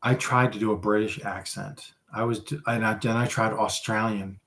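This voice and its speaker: A man's voice: lowish voice, steady tone, moderate pace, hardly any pauses, fairly bright tone. A man hosting a casual livestream, chatting with viewers in a rambling, self-deprecating way. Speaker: livestream host.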